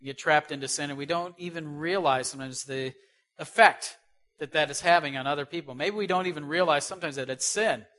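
A man preaching a sermon who asks rhetorical questions and swings between loud stresses and soft asides. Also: on the high side, a little fast.

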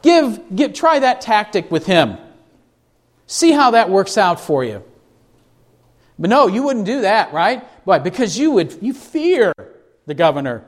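A man preaching an expository sermon, reading scripture slowly for emphasis and asking the congregation rhetorical questions. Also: high voice, sing-song. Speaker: pastor.

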